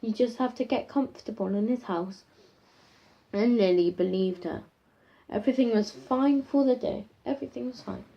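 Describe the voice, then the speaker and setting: A woman's voice: fairly high pitch, normal speed, gravelly. A woman improvising a spooky story in a rambling, casual way, full of fillers and restarts, on a dull lo-fi home recording.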